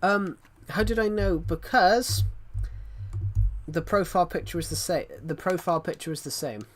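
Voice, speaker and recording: A man's voice: sits high, normal speed. Rambling male streamer. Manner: rambling, restarts often, chatty asides to viewers. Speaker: livestreamer. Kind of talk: casual livestream chat.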